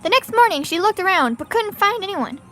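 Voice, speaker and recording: A bubbly, excitable young spirit medium from a courtroom game, as a woman puts her on while reading aloud. Her voice sits high and comes out bright and eager. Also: brisk, soft background music, full character voice. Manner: eager, pleading, upbeat.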